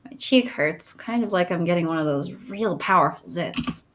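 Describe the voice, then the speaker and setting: A woman's voice: fairly low pitch, normal speed, slight background noise. A woman streamer reading a visual novel's narration aloud in a playful tone. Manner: reads game narration aloud in a lively, playful tone. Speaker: let's play streamer.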